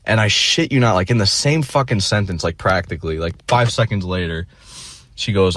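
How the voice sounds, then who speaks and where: A man's voice: low-pitched, a little fast, a bit bright, dry recording. A young man telling a rambling, self-deprecating story in a casual vlog monologue, full of fillers and restarts.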